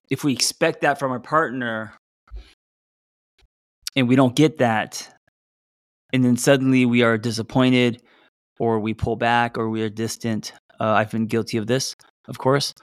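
A man's voice: mid-range voice, dry recording, clean studio sound. A middle-aged man hosting a casual relationship-advice talk, loose and conversational, with fillers, restarts and self-deprecating asides. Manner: loose and conversational, many fillers and restarts, reading out audience replies. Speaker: podcast host.

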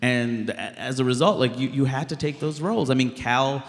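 A stand-up comedian from Queens, talking in an interview in an animated, emphatic way. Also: medium pitch, fairly quick, in a large hall. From Queens, New York. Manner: animated, emphatic, blunt, many "like" fillers. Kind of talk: conversational interview.

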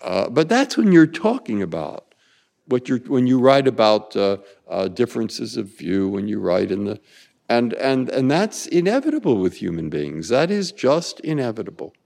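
A man's voice: mid-range voice, sing-song, moderate pace, creaky, a little mellow, long reverb tail. A man in his eighties from San Francisco, answering interview questions in a discursive way, repeating words and circling back with asides. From San Francisco, USA. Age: 80s. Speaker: Supreme Court justice, guest.

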